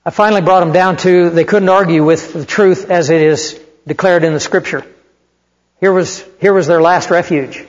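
An older man preaching a sermon, telling stories in an animated, conversational way. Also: sits high, moderate pace. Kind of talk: sermon with storytelling. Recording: muffled hall recording with long reverb.

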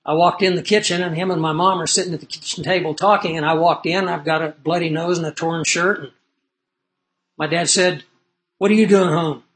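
A middle-aged man preaching a sermon in an earnest storytelling way, swinging between loud emphasis and low asides. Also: little pitch movement, fairly quick, a little hiss or hum, low-quality recording.

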